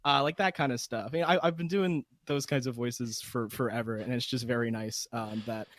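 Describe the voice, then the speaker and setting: A man's voice: medium pitch, steady tone, a little fast, fairly bright tone. A man who runs tabletop games, chatting casually as a podcast guest. He laughs often and stumbles through restarts. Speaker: guest Dungeon Master.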